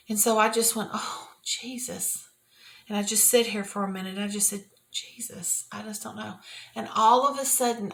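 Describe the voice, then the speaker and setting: An older woman, sharing a personal devotional talk from her office in an earnest, repetitive, often soft-spoken way. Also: mid-range voice. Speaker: Christian video host. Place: private office at work.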